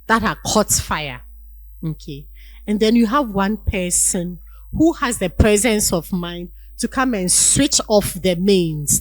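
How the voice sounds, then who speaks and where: A woman's voice: medium pitch, dry recording, poor audio. A woman giving a university lecture on leadership, acting out everyday scenes and asking the class rhetorical questions.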